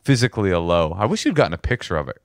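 A man with a very low voice co-hosts a casual podcast, telling jokey stories with animation. The sound is dry and close, with no room in it. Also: very animated, racing, no room sound. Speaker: podcast co-host. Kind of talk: casual chat.

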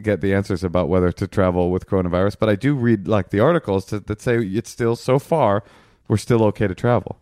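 A man's voice: on the low side, fast talker, no room sound, studio quality. A man co-hosting a podcast, chatting casually and arguing playfully with his wife, sometimes mimicking her. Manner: argumentative, animated, mocking impressions of his wife. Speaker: podcast co-host. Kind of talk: casual chat.

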